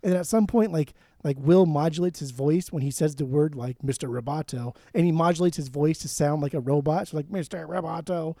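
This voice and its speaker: A man's voice: a little high, a little fast, hardly any pauses, mellow, dry recording, clean studio sound. A man co-hosting a casual podcast, talking enthusiastically, swearing often and breaking into sung snippets. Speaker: podcast co-host. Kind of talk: casual chat.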